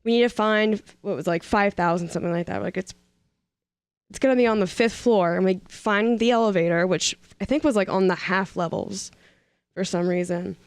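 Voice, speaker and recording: A woman's voice: mid-range voice, moderate pace, clean tone, dry recording. A woman co-hosting a podcast in casual chat, laughing often and adding short remarks. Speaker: podcast co-host.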